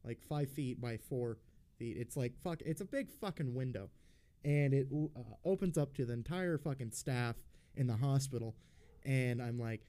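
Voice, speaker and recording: Mellow-voiced man telling a profane story. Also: medium pitch, normal speed, smooth. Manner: profane, blunt and rambling, with frequent fillers. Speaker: podcast host. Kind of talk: casual storytelling.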